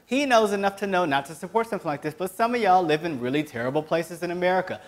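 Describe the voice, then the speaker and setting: A man hosts his own web show, delivering sarcastic political commentary with passion and sometimes yelling. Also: high-pitched, animated, quick pace. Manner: impassioned, sarcastic, breaks into yelling. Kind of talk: solo political commentary rant.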